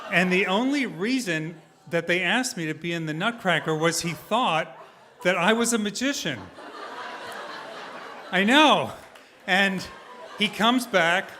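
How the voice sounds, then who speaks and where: A man telling a personal story live on stage, animated and self-deprecating, often laughing as he talks. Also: high-pitched, a little hiss or hum.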